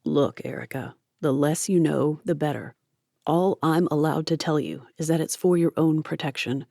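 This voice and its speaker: A woman reading an audiobook, voicing a calm, stern male captor who speaks in flat, clipped, firm sentences. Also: deep voice, normal speed, gravelly, no echo, clean studio sound.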